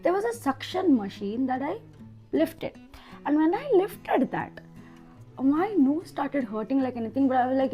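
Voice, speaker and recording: A woman's voice: high-pitched, very animated, a little slow, dark tone, soft background music. A young woman with an Indian English accent, candidly recounting a hard time in a personal vlog, her voice a bit nasal. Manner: candid, emotional, restarts often. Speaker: vlogger.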